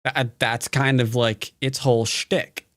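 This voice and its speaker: A man's voice: mid-range voice, flat delivery, measured pace, fairly bright tone, dry recording, studio quality. A man teaching Go on a live stream, talking casually and playfully, joking with his chat and rambling with fillers and restarts. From United States.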